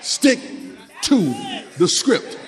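A high-voiced man preaches to a congregation, dropping into low, rapid asides and then shouting lines to be repeated back. His voice carries a long reverb from a large hall. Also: big pitch swings. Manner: call-and-response, repeats phrases, shifts from low talk to shouting. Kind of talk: sermon.

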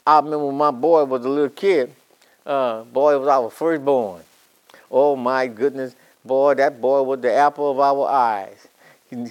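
An older man teaching a Bible class, telling a homespun story with many restarts and repeated words, then building to emphatic preaching. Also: a little high. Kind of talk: storytelling sermon.

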